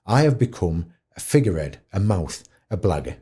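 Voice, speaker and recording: A middle-aged man with a broad Yorkshire accent tells stories as a podcast guest. His voice is warm and mellow and his pitch rises and falls in big swoops. He mocks himself as he talks. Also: normal speed, husky. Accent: Yorkshire English. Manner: expressive, swoops high for quoted voices, self-mocking. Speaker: podcast guest, dementia advocate. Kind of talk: animated storytelling in conversation.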